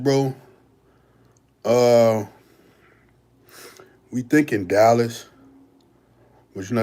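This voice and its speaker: A man's voice: on the low side, darkish tone. A young man, a bodybuilder hosting a livestream and answering viewer questions in a laid-back, slangy way. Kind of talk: casual livestream Q&A.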